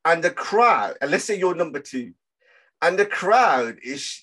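A man's voice: fairly high pitch, big pitch swings, normal speed, sharp tone, slightly rough. A man chatting casually on a podcast, rambling and trailing off mid-thought. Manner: rambling, trails off, laughs along. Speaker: podcast host. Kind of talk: casual chat.

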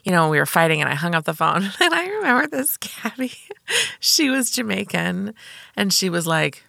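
Bright-voiced wry woman storyteller. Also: mid-range voice, sing-song, normal speed, gravelly, no room sound, studio quality. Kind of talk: casual chat, storytelling.

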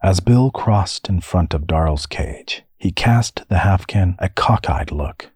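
A man narrating a fantasy audiobook story in a measured storytelling way. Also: deep voice, animated, a little mellow, breathy edge, dry recording.

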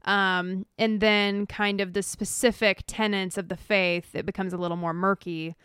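Smooth-voiced woman, dry podcast sound. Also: medium pitch, little pitch movement, fairly bright tone, dry recording. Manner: measured, wry, explanatory. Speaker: podcast co-host. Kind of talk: casual podcast chat.

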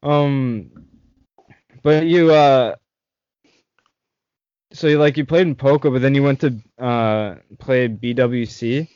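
A man's voice: medium pitch, slow pace, long pauses, clean tone, no room sound. Young man telling stories with laughter. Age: young adult. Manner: animated storytelling, swears freely, laughs a lot. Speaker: podcast host. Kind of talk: casual chat among friends. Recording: dull, slightly muffled dry audio.

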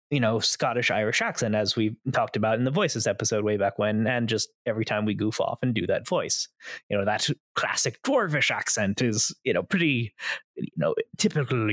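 Young male podcast host, chatty and rambling, lively pitch, dry close mic. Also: dry recording. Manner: rambling, heavy on fillers. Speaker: podcast host, game master. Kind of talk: casual chat.

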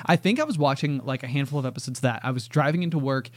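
A man co-hosting a podcast, telling stories in a rambling, animated casual chat. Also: medium pitch, very fast. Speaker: podcast co-host.

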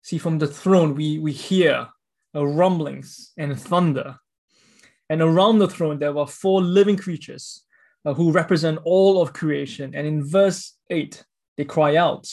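A man's voice: fairly high pitch, measured pace, creaky, a little mellow. A man preaching a sermon, reading scripture and explaining it in an earnest, emphatic way with repeated words.

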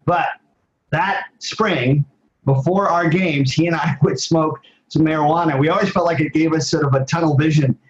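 An older man in his sixties, an interview guest, telling personal stories in a rambling, casual way with frequent pauses. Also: a little high, fairly even intonation, highs cut off. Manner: rambling, with many fillers and restarts. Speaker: guest, former athlete and advocate.

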